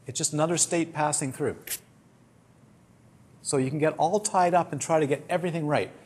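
A man's voice: on the high side, brisk, a little mellow, slightly rough. A man with a British accent, a meditation teacher giving a conversational teaching talk to a retreat group, full of anecdotes. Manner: conversational, anecdotal, acts out quoted complaints.

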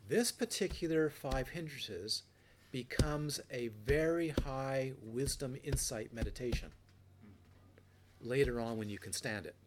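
A meditation teacher gives a relaxed dharma talk, sharing anecdotes with frequent restarts and playful quoted voices. He speaks unhurriedly at medium pitch, with faint noise in the background.

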